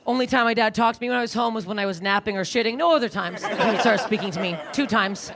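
A woman in her thirties doing a crude, self-deprecating stand-up set, acting out shouted quotes. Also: mid-range voice, fast talker, hardly any pauses. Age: 30s. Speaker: stand-up comedian. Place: comedy club stage. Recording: live club with faint crowd and noise. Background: audience laughter.

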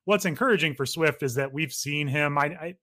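A man co-hosting a fantasy football podcast, giving quick conversational analysis with frequent restarts. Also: a little high, pushed and bright, no echo. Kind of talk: casual podcast chat.

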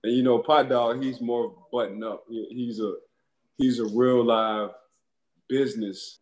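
A man, a former football player, telling animated stories in casual chat and laughing as he goes. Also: medium pitch, measured pace, reverberant.

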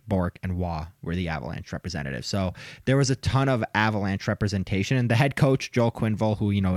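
A man co-hosting a casual sports podcast, chatty and quick to laugh as he rattles off names. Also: fairly low pitch, dry recording, clean studio sound. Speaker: podcast co-host.

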